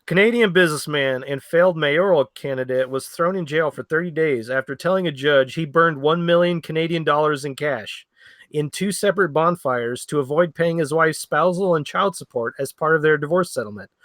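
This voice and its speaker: A male podcast host with a fairly high voice reads a news story to his co-hosts. He stumbles over names now and then, and the sound is dry and close to the mic. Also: fairly quick, fairly bright tone, no room sound. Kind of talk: casual comedy podcast chat.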